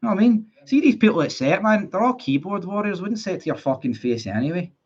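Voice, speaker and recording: A man's voice: high-pitched, big pitch swings, quick pace, slightly rough, muffled recording. A Scottish man ranting heatedly about his football club on a live stream, reading chat messages and swearing often. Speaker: football fan livestreamer.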